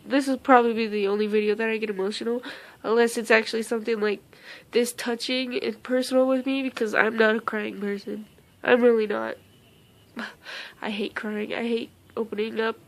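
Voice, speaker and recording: A young woman vlogger, emotional and near tears, talks in a halting way full of fillers and restarts. Her voice sits a bit high with a gravelly fry running through it. She stays on a flat, narrow tone. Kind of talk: casual storytime vlog.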